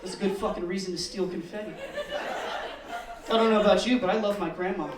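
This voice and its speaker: High-voiced man doing a stand-up set. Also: quick pace, crowd noise, background noise. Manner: deadpan storytelling, swearing, acting out kids in squeals. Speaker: stand-up comedian. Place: comedy open mic room. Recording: echoey room, mic heard from a distance.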